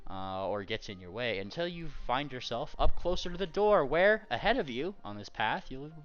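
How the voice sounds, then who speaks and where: A man narrating as game master of a tabletop game, animated and laughing often. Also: medium pitch, normal speed, soft background music. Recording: dull lo-fi audio.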